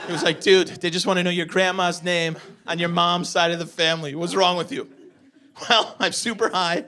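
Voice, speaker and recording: A man in his forties performing a stand-up comedy set, telling profane, animated stories with acted-out asides. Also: high voice, moderate pace. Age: 40s. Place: comedy venue with a live audience. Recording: live show with loud audience laughter.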